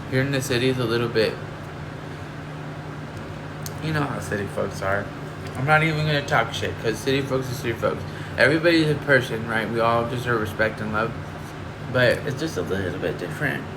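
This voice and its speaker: A man from Northern California chatting casually with livestream viewers, confiding and emotional, rambling with lots of fillers. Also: medium pitch. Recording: air conditioner hum behind.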